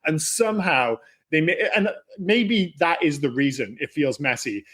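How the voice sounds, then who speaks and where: Husky, high-voiced man, sweary podcast co-host. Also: moderate pace, no room sound. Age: adult, married. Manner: blunt, sweary, animated storytelling. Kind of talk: casual film discussion.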